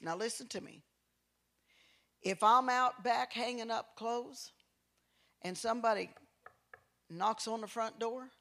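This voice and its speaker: A man preaching a sermon, telling folksy stories in an animated, preacherly manner. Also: very high-pitched. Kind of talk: sermon with storytelling.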